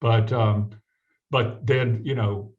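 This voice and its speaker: A man's voice: on the low side, steady tone, takes it slowly, phone-quality sound. A man from the American South telling a personal story as a guest, acting out the voices of the people in it. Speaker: guest physician. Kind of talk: storytelling in a conversation.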